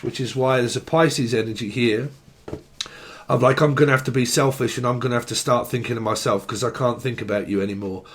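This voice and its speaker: A man giving a solo tarot reading, rambling and full of fillers. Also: medium pitch. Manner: rambling, heavy on fillers, acts out quoted messages. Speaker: tarot reader.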